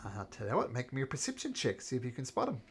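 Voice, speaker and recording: A man's voice: mid-range voice, wildly swooping pitch, racing, a bit bright, husky. A man narrating casually as game master of a tabletop game, with plenty of hesitations.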